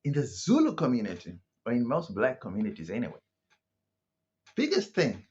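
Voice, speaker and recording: A man's voice: mid-range voice, huge pitch swings, moderate pace, a little mellow, a little hiss or hum. A man from South Africa giving a casual opinion monologue, thinking aloud with frequent asides like "right?" and "you know". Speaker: commentator. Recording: muffled lo-fi audio.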